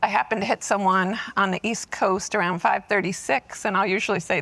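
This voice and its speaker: A woman who led admissions, telling an animated, laughing story on an auditorium panel. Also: medium pitch, fairly quick, vocal fry, rough recording. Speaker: lecturer and former admissions head. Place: auditorium stage.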